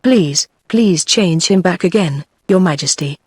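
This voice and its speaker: A woman's voice: fairly low pitch, moderate pace, no room sound, clean studio sound, natural voice. A synthetic British woman reading as a polite young girl. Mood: earnest. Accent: British English. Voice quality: even synthetic read-out.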